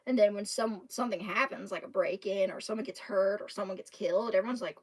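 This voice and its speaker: Her voice is medium-pitched and a bit mellow. A Southern-accented woman from Kentucky, she hosts a livestream, telling viewers a rambling story full of restarts and drawn-out words and laughing frequently.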